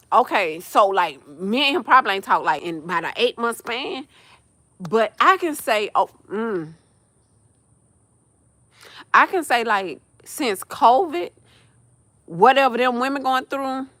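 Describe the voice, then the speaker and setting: A young woman chats on her livestream in a blunt, profane rant. Her voice sits high and bright, swinging widely in pitch. The sound is close and dry, with no room around it. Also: measured pace, pauses often, no room sound. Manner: blunt, profane, animated ranting with laughs. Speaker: livestream host. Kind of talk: casual chat.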